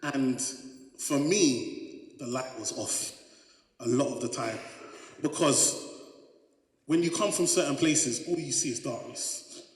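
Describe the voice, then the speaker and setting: Animated man giving a keynote in a hall. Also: mid-range voice, slow pace, long pauses. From London, England. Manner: animated, joking, storytelling with crowd interaction. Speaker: keynote speaker. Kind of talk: motivational keynote speech. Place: large hall on stage. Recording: echoey hall.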